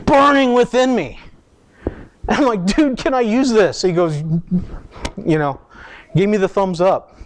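Casting: male pastor, high-pitched voice, casual storytelling sermon with animated quoted asides.

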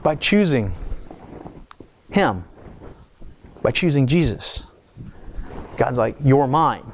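A man's voice: medium pitch, sing-song, takes it slowly, slight background noise. A man delivering a sermon in a conversational style, reading scripture aloud with asides and restarts. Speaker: preacher.

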